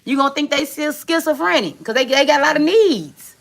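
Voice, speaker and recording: A woman's voice: high-pitched, animated, fairly quick, vocal fry. A woman giving a tarot reading in casual, chatty talk, swearing freely and calling the viewer friend. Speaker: tarot reader.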